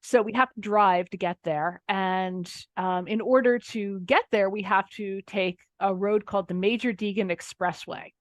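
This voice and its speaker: A middle-aged woman from Pennsylvania, a nonfiction author, telling anecdotes in a lively, wry way. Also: medium pitch, moderate pace, few pauses, no room sound. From Pennsylvania, USA. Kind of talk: casual interview storytelling.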